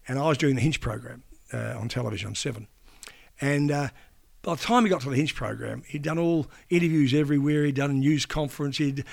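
Gravelly older man telling stories. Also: mid-range voice. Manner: rambling, restarts sentences, mimics people in quotes. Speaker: veteran broadcaster and interview guest. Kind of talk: casual anecdotal storytelling.

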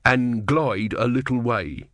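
A man's voice: medium pitch, a bit bright, dry recording. A man voicing a nervous, blundering male ship's captain who halts and stumbles in folksy speech. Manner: flustered, halting, folksy. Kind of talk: audiobook character voice.

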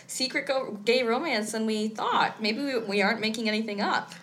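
A woman's voice: a little high, normal speed, fairly bright tone. A woman co-hosting a podcast, recapping an episode in easygoing, rambling chat. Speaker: podcast co-host.

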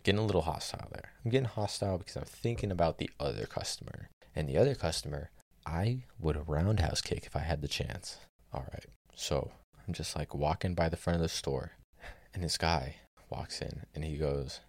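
A young man with a very low voice that has a gravelly rasp running through it. He tells his stories in an exasperated, sardonic tone and swears without hesitation. The sound is close and dry. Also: no room sound. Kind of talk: casual storytelling rant.

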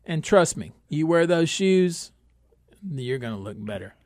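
Boisterous radio host, dry sound. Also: male voice, big pitch swings, measured pace, dry recording. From Northeast Texas. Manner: boisterous, swings from loud bursts to low asides. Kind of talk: casual comedic radio talk.

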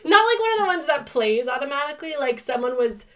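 A woman co-hosting a podcast in casual chat, telling stories in a rambling, animated way and often filling with "like.". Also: sits high, quick pace. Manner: chatty and rambling, heavy use of "like"; animated storyteller who laughs through her telling. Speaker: podcast co-host.

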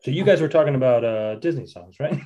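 A man's voice: medium pitch, expressive, fast talker, warm tone, lo-fi sound. A man co-hosting a podcast in casual chat, rambling, trailing off and laughing often. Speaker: podcast co-host.

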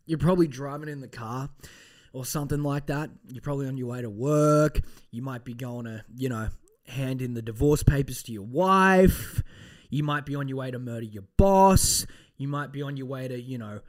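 A man's voice: medium pitch, moderate pace. A man hosting a casual podcast. He rambles off on tangents with a lot of swearing and mock threats. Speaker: podcast host.

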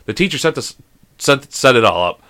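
A man's voice: medium pitch, a little fast. A man co-hosting a podcast in casual chat, telling a rambling story and acting out the dialogue. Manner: animated storyteller who acts out the dialogue; rambling, with many restarts. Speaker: podcast co-host.

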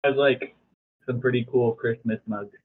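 A man's voice: medium pitch, steady tone, normal speed, breathy edge. A young man, a podcast co-host, talking in a laid-back way on a casual chat show. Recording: tinny phone-like sound with faint hiss.

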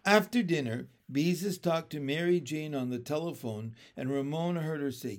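A man's voice: on the high side, normal speed, few pauses. Man reading a children's book aloud. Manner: expressive, lively storytelling. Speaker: reader.

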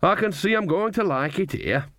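A man's voice: sits high, animated, normal speed, a bit bright, no echo, clean studio sound, pitched above the performer's own voice. A man voicing a cheerful, earthy old witch woman who talks boldly and mangles foreign phrases. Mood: gleeful.

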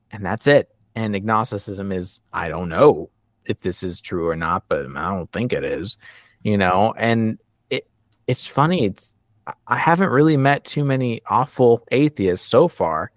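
A man hosting a podcast, chatting casually, animated and laughing as he acts out what others said. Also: on the low side, normal speed, dry recording, studio quality. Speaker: podcast host. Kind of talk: casual conversation.

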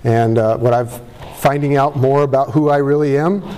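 Candid man, mellow voice. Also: mid-range voice, steady tone, normal speed, clean tone. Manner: candid, self-deprecating, rambling with restarts; voice cracks with emotion. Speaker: speaker at a recovery meeting. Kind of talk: personal recovery talk to a live audience. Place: meeting room before an audience.

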